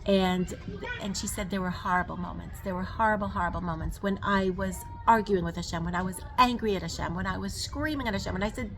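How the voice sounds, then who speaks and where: A woman's voice: mid-range voice, a little hiss or hum. Earnest woman teaching Torah lesson. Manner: earnest, emphatic, sprinkles Hebrew terms; rises and slows on emphasis, frequent fillers.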